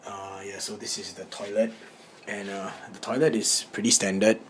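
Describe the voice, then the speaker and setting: A young man vlogs on a handheld camera, rambling through casual chat with lots of fillers and restarts. He's a dancer whose low-ish voice stays flat at a moderate pace. He starts in a hotel room and ends on a cold street at night, and the camera audio picks up clear background noise.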